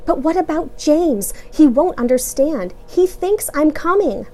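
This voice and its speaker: Lady doing a pleading little boy beetle, high and lively, storybook voice. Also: a little slow. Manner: pleading, earnest.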